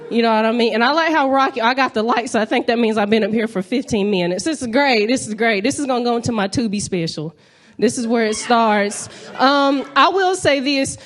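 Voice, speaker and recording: A woman's voice: a little high, a little fast. A young woman from North Carolina, doing a brash, playful stand-up set and talking straight to the crowd from a comedy club stage.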